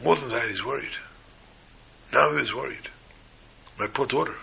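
Gravelly, bright-toned man preaching. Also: normal speed, poor audio. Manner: animated storytelling, voices the characters with rising pitch. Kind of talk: Torah sermon with a story.

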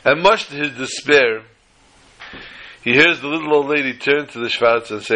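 A man and religious teacher, telling humorous stories in a sermon with lively delivery. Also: medium pitch, moderate pace, pauses often, rough recording. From United States. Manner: animated storyteller, shifts between voices. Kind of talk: storytelling sermon with jokes.

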